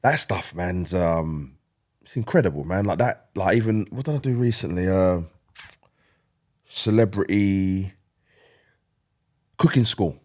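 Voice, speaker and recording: A man with a fairly low voice talks through his stories as an interview guest. He's animated and slangy, tossing in quick asides as he goes. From London, England. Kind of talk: casual interview chat.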